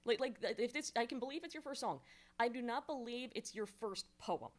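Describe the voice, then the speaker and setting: A woman's voice: fairly high pitch, expressive, brisk. A woman giving casual songwriting feedback on a livestream, rambling and explanatory with many fillers and restarts.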